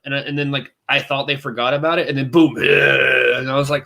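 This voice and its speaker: A man co-hosting a podcast in casual chat, telling stories in an animated, rambling way and acting out scenes with quick voices. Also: medium pitch, vocal fry. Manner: rambling, self-interrupting. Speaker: podcast co-host.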